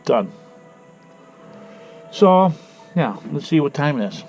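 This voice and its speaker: In a ranting personal vlog, a man with a head cold swears angrily as he recounts a bad day, going over the same points again. His fairly high, congested voice is very animated yet slow-paced and a little mellow, set against soft background music on dull lo-fi audio with faint noise.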